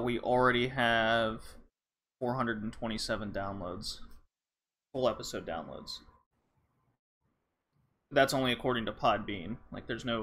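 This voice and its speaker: A man's voice: medium pitch, fairly bright tone. A man hosting a casual gaming podcast, talking loosely with many fillers. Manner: rambling, with frequent fillers. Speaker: podcast host.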